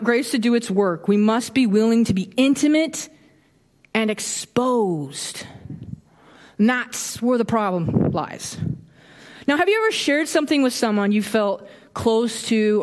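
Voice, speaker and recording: A woman in her thirties giving a casual, animated sermon, acting out quoted reactions with a bit of humor. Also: mid-range voice, moderate pace. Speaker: preacher. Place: church sanctuary. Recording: long hall reverb.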